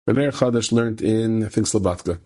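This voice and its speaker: Husky man telling a rabbinic story. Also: a little fast. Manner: animated, acts out characters with sudden high-pitched quoted voices; repeats phrases for emphasis. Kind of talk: storytelling sermon.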